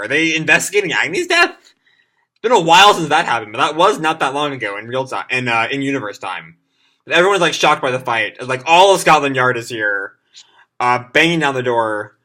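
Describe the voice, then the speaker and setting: A man's voice: mid-range voice, sharp tone. A man casually reading a comic aloud live and reacting to it in a chatty way, with lots of fillers. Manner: chatty, many fillers, reads the lines aloud.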